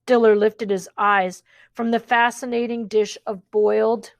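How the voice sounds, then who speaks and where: A woman narrating a children's novel in a gentle, measured way. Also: fairly high pitch, level tone, vocal fry, no echo. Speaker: audiobook narrator. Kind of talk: audiobook narration.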